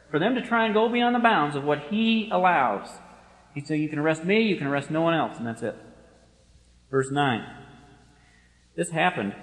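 A male pastor delivering an expository sermon. He moves between hushed, low stretches and forceful, emphatic bursts. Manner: emphatic, swings from hushed to forceful, quick asides. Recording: echoey hall with long reverb.

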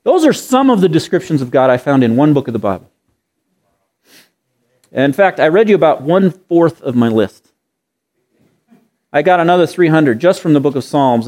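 A male preacher in mid-sermon, his voice at an ordinary middle pitch. He talks earnestly and keeps asking the listeners rhetorical questions. He repeats key phrases to drive them home. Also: a little mellow.

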